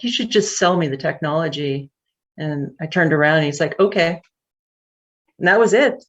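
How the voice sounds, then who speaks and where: A woman who runs a tech company, telling a story in an interview, candid and animated, with fillers. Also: low voice, muffled recording.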